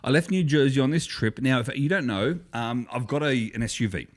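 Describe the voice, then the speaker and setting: A man's voice: mid-range voice, brisk. A man from Australia with an Australian accent, chatting casually as a podcast co-host and telling a rambling story full of restarts. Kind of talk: casual chat.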